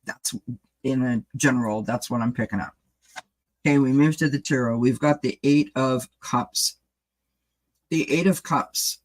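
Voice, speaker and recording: A man's voice: mid-range voice, a little slow, pauses often. Chatty man giving a tarot reading. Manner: chatty, addresses viewers by name; rambling, restarts mid-thought. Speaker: tarot reader. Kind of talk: casual live-stream tarot reading.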